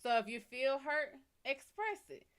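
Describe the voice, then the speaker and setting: A woman's voice: high-pitched, very animated, a little slow, a bit bright. A woman hosting a live psychic reading stream, giving casual advice bluntly and swearing freely. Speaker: psychic reader and livestream host.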